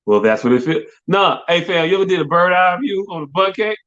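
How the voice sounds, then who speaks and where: Man, middle-aged, profane rambling storyteller, slightly high voice, dull lo-fi audio. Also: lively intonation, a little fast, fairly bright tone. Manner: rambling storyteller, profane, repeats "hey, look". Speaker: podcast co-host. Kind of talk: casual comedic chat. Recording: dull lo-fi sound.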